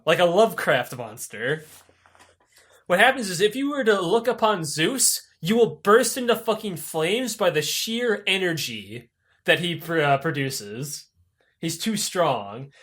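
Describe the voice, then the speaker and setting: A man hosting a comedy podcast, retelling myths in a profane, animated way and dropping into goofy character voices. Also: high voice, a little slow. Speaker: podcast host. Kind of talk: comic storytelling of myths. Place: podcast studio.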